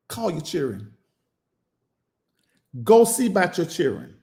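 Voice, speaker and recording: A man who is a preacher and show host giving emotional live-stream commentary, emphatic and preachy, repeating phrases and pausing at length. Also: high voice, very animated, gravelly, mellow, echoey room.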